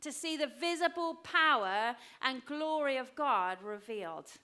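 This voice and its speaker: A woman's voice: high voice, lively intonation, a little slow, clear, resonant tone. Emphatic woman preaching. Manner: emphatic, repeats phrases for weight; drops to a hushed voice for personal stories. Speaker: pastor. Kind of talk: sermon.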